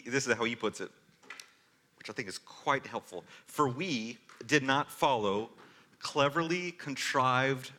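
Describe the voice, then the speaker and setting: A man delivering a sermon in an easygoing, animated way, breaking off into casual asides. His voice is bright and forward, pitched at an ordinary middle height. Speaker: pastor.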